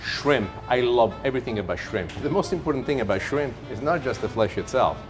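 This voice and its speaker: A middle-aged man with an Italian accent hosts a cooking demonstration on a TV kitchen set, his mid-range voice animated and a little fast. As the TV chef host, he's playful, theatrical, and self-mocking, with music playing under his voice.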